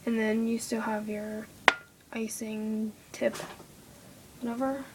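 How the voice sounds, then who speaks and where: Recording a craft video at home on a nearby iPod camera, a teenage girl half-whispers her casual tutorial. Her voice is a little high and level, and she talks slowly, sounding apologetic and quick to get irritated. There's faint background noise.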